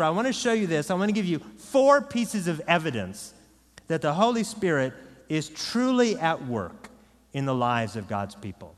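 Animated preacher in a reverberant hall. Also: male voice, fairly high pitch. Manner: animated, conversational preaching with frequent "right?" asides. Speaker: pastor. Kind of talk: sermon. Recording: long reverb of a large hall.

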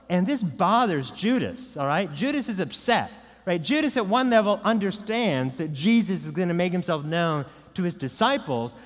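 A man preaching a sermon as pastor, with a conversational style and frequent "right?" asides. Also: sits high. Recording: long reverb of a large hall.

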